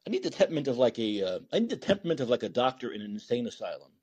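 A man hosting a podcast, talking alone in sarcastic, animated political commentary, swearing and thinking out loud. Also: mid-range voice, racing, slightly rough. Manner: animated and sarcastic, mocking voices of opponents. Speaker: podcast host.

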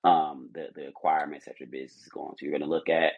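A man's voice: very deep voice, level tone, fast talker, husky, narrow, tinny audio. A man who heads a company, speaking as a podcast guest, earnest and motivational, rambling with many restarts. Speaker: CEO guest. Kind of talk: podcast interview, motivational talk.

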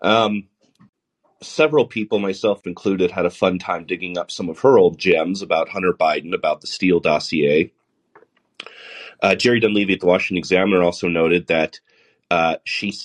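A man with a baritone voice hosting a live podcast, talking through the week's news with sarcastic asides. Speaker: podcast host. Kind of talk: solo podcast monologue.

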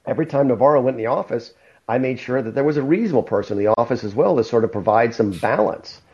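A middle-aged man explains at length in a relaxed, mellow voice, stopping to restart his sentences as he works through a point. The audio is dull and a little lo-fi, like a remote call. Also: medium pitch. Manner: measured, explanatory, with frequent restarts. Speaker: guest, former White House chief of staff. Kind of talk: conversational interview answer.

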